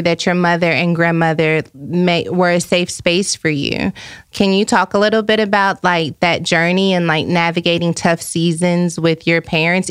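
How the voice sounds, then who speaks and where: A woman host asks gentle, reflective questions. She has a lowish, smooth, resonant voice. It is recorded dry and close, with no room sound. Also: no echo. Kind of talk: interview hosting.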